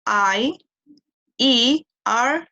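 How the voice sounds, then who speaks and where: A student, a young woman, answering her teacher and spelling her name letter by letter in a halting way. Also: fairly high pitch, animated, sharp tone. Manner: slow, halting spelling aloud. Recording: dull lo-fi call audio from far off.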